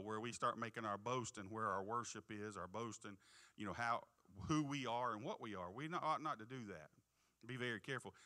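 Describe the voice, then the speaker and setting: A man preaching a sermon in church, reading scripture slowly and with emphasis and often asking the congregation "Amen?". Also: medium pitch, pushed and bright. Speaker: pastor. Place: church sanctuary.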